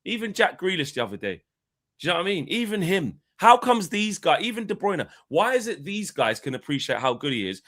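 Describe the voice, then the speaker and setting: A man's voice: high voice, big pitch swings, fairly quick, fairly bright tone. A man co-hosting a casual live football chat. He swears freely and acts out players' rants. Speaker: football podcast co-host.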